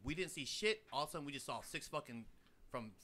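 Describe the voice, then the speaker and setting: A young adult man in casual chat, telling an animated story full of swearing and acted-out sound effects. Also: fairly high pitch, quick pace. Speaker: podcast co-host.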